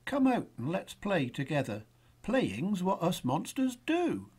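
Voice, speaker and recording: Reader doing a friendly monster kid, kind and coaxing, lively up-and-down voice, slow. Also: mid-range voice, slightly rough, voice pushed up, exaggerated voice. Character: friendly playful young male monster.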